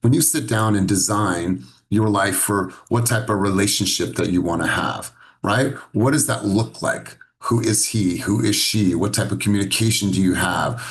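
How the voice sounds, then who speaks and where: Man, sales coach, low voice, earnest, encouraging, video call. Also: normal speed. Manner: earnest, encouraging, asks many questions. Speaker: sales coach leading a session. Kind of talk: coaching talk.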